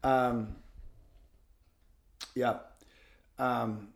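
A man's voice: mid-range voice, little pitch movement, very slow, creaky. Fifty-year-old man, candid interview guest, heated and profane. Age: 50s. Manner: blunt, passionate, swears freely. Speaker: guest author. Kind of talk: casual interview talk.

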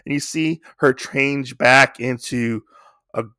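A young man recaps a comic book in a loose, rambling ramble, full of likes and you-knows. His voice sits at an ordinary middle pitch. The recording is close and dry. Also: slow, sharp tone, clean tone, no echo. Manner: rambling, filler-heavy retelling. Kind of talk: casual chat.

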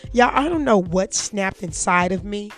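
A young woman vlogger tells a story straight to her viewers, blunt and profane, in a casual storytime chat. Her medium-pitched voice has lively intonation at a normal speed, with faint music behind it.

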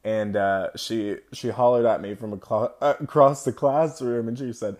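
A young man from the United States telling a personal story to his viewers, candid and reflective, with halting, broken-off phrasing. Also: lowish voice, fairly even intonation, darkish tone. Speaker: vlogger.

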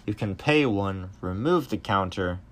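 A man in a casual card review monologue who gets excitable, flares louder at strong cards and stumbles over his words. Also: deep voice, measured pace. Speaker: trading card game reviewer.

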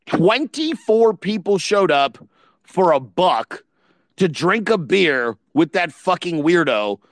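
A blunt, profane man hosting a podcast, talking in loose casual chat. His voice sits a little high for a man and sounds close and dry, and he pushes his points with swelling emphasis. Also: sing-song, slow, no echo. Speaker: podcast host.

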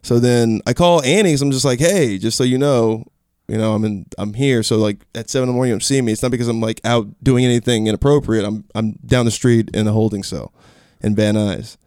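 Fast-talking man telling a story. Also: mid-range voice, dry recording, studio quality. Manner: animated, acts out quotes in raised voice, swears. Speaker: podcast guest. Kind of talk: casual storytelling.

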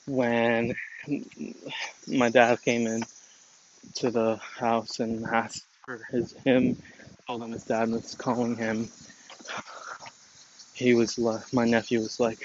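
Slow, flat-voiced man rambling casually. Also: mid-range voice. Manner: rambling and hesitant, many fillers and restarts. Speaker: storyteller explaining a family matter. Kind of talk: casual monologue. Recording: dull lo-fi recording with clear background noise.

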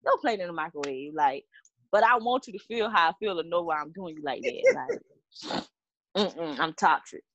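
A woman's voice: fairly low pitch, expressive, measured pace, fairly bright tone, dull audio. A woman in casual chat, teasing and acting out little dialogues in a playful way.

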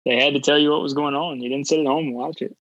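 A man's voice: a little high, steady tone, fast, fairly bright tone, no echo. A man co-hosting a casual podcast, telling a story in a rambling way and groping for words. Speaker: podcast co-host. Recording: dull lo-fi audio.

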